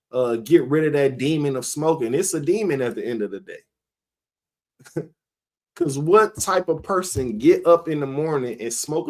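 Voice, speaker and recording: A man's voice: medium pitch, darkish tone. A man, a member of a religious group, giving a rambling, conversational preaching talk and laughing often.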